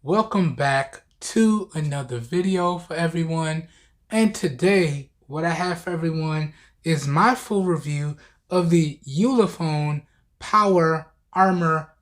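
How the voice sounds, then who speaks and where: A man in a casual tech review, talking right at his viewers in a loose, chatty way. His voice sounds tired and a bit worn, but he keeps things easygoing and conversational. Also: high-pitched. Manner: chatty, addresses viewers directly as y'all.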